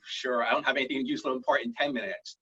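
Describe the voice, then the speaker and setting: A man doing a stand-up set over a video call, rambling through self-deprecating jokes in a deadpan way. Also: mid-range voice, rapid-fire, breathy edge. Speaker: stand-up comedian. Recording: muffled lo-fi online call audio.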